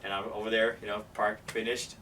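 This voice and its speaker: A man telling a story casually, animated and acting out the people in it. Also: lowish voice, a little fast. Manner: animated, acts out every character. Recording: distant mic, faint background noise.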